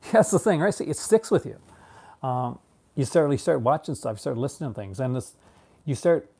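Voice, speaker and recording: Speaking at a normal pace with lively intonation, this Canadian man in his thirties rambles through a casual chat about films, answering viewers amid many restarts, fillers and laughs. His medium-pitched voice is creaky, mellow and slightly rough.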